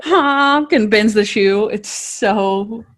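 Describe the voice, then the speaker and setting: A woman's voice: mid-range voice, moderate pace. A woman guest co-hosting a podcast, chatting casually and acting out lines as she retells scenes. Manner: animated storytelling, acts out characters' lines. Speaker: guest co-host.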